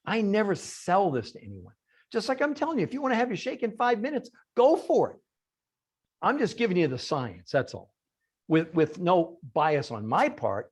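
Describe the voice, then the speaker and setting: A man's voice: a little high, sing-song, normal speed, breathy edge. A man giving an emphatic talk on a video call. He asks rhetorical questions and answers them himself. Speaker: guest speaker on a call. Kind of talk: animated presentation on a group call.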